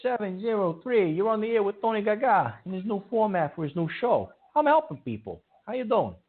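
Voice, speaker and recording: A man with a high, sing-song voice talks briskly as the host of a call-in radio show, speaking emphatically, repeating himself, and scolding callers. The audio is tinny, like it's coming through a phone.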